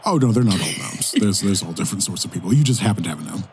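A man's voice: low voice, expressive, racing, slight background noise. A man running a tabletop game as game master, describing scenes in a rambling way full of fillers.

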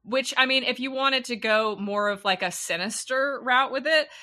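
A woman's voice: fairly high pitch, normal speed, pushed and bright. A woman chatting as a podcast guest, giggly and thinking aloud as she talks. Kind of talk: casual podcast chat.

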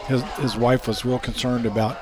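An American man in an average pitch tells his stories easily, often laughing through them. He stumbles over restarts and fillers in a loose, conversational way. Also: little pitch movement, normal speed. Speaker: racing safety expert. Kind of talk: casual interview storytelling.

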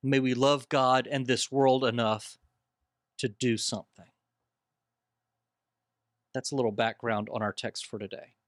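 A man's voice: medium pitch, little pitch movement, a little slow, long pauses, dry recording, studio quality. A man speaking earnestly, almost like a preacher, as a panelist in a bible study discussion.

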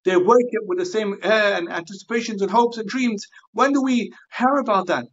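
A man speaking as a guest scholar on a podcast, earnest and halting, often repeating and restarting words. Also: high-pitched, fairly bright tone, highs cut off, slight background noise. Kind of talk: podcast interview discussion.

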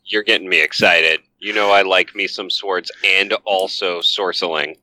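Man, low bright sharp voice, co-host, quick jokey reactions. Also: steady tone, low-quality recording. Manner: short joking reactions. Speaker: podcast co-host. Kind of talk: casual chat.

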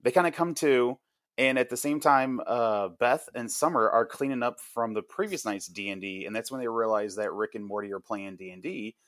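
A man hosting a podcast, retelling a comic's story in casual chat, animated and full of fillers. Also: mid-range voice, moderate pace, no echo. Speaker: podcast host reviewing a comic.

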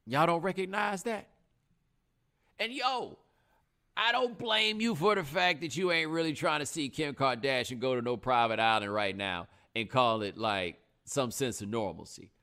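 Man, host, casual slangy commentary, animated, bright forceful voice. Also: mid-range voice, moderate pace. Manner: animated, slangy, acts out other people in quotes. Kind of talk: casual live-stream commentary.

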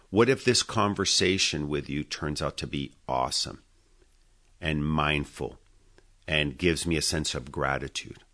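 Podcast guest, man in his fifties, very low voice, chatty storyteller who acts out dialogue. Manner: animated, acts out quoted dialogue. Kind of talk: conversational storytelling.

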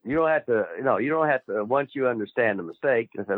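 Older ex-wrestler on the podcast, cussing and blunt, thin tinny phone sound, dry. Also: male voice, medium pitch, fast, dry recording. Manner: blunt, profane, gruff storyteller. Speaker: guest, former wrestler. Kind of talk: casual interview.

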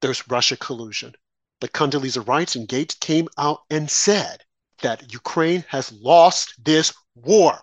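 A man's voice: fairly high pitch, a little slow, dry recording. A man hosting a political talk show, delivering an indignant, emphatic monologue full of rhetorical questions.

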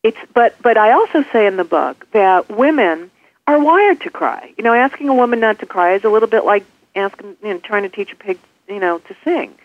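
This woman, an author appearing as a guest expert, is interviewed by telephone on a call-in line and lays out practical advice step by numbered step. She sounds animated and a little fast in a mid-range voice, and the tinny phone recording is dry.

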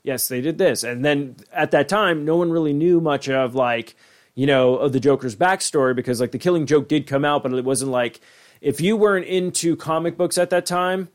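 A man's voice: a little high, moderate pace. A man co-hosting a podcast in casual chat, rambling, swearing freely and using many fillers. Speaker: podcast co-host.

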